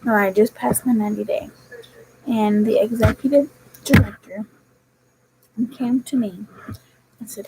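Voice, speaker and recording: A woman's voice: a little high, steady tone, unhurried, long pauses, background noise. A young woman chatting casually on her vlog, telling a rambling story about her work. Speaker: vlogger. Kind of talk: casual chat.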